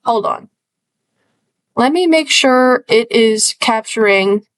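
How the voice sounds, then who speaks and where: High-pitched, unhurried woman streamer rambling. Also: lively intonation, rough recording. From northern United States. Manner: rambling, self-deprecating, many fillers and trailing asides. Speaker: streamer reacting to videos. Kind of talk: casual reaction commentary.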